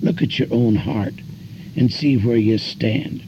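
An older man preaching as an evangelist, telling folksy stories and pushing his voice sharply higher on emphasis. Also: takes it slowly, a little hiss or hum. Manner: folksy storytelling preacher, voice climbing high in emphasis. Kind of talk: sermon. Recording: dull lo-fi recording with faint music.

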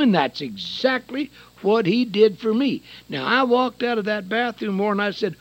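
Older preacher with lively pitch. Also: male voice, normal speed, hardly any pauses, no echo, muffled recording. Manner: dramatic, swings from hushed to loud. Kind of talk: sermon with personal testimony.

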